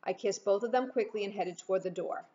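A woman teacher reading a novel aloud in a steady storytelling manner. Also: medium pitch, fast talker. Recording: dull muffled recording.

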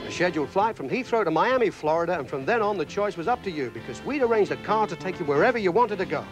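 Game show host over music. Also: male voice, sits high, sing-song, quick pace. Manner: polished, upbeat announcing. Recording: clear music behind the voice.

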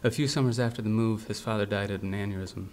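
A man from the United States reading his own literary fiction aloud in a steady, measured way. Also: fairly low pitch. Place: university library event.

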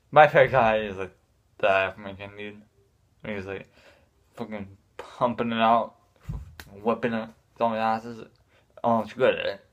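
A man's voice: mid-range voice, fairly bright tone. A man ranting casually to his viewers, frustrated and swearing often, restarting his sentences. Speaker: gaming vlogger.

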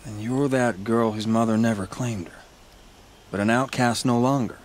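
An actor playing a grim male outcast leader in a game, speaking in a grave, measured way. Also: mid-range voice, fairly even intonation, slight background noise, close to an everyday voice. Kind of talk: game character dialogue.

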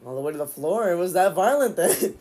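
Excitable man giving casual play-by-play. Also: sits high, a little fast. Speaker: streamer. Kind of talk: live watch-along commentary.

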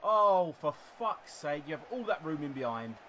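A young man commentating live on his football video game, ranting, swearing and shouting angrily at the players. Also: fairly high pitch, very animated, normal speed. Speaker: gaming YouTuber. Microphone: desktop USB microphone.

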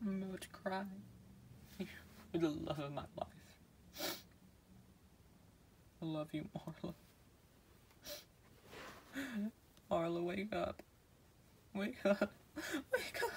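A man's voice: sits high, measured pace, long pauses, a little hiss or hum. A man voicing a young man who pleads in a raised, strained voice over his fallen girlfriend in a homemade comedy drama. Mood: grieving.

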